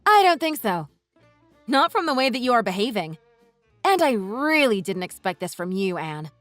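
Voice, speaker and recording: A woman voicing a furious wife in a text-message story, who talks in a sharp, sarcastic, cutting way. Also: on the high side, very animated, normal speed, dry recording, faint music behind. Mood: scornful. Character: furious wife confronting her in-laws.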